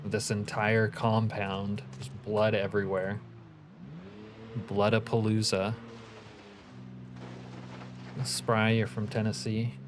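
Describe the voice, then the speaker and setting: A man's voice: fairly low pitch, little pitch movement, unhurried, few pauses, background noise. A man casually commentating his own game stream, joking and reading chat comments aloud.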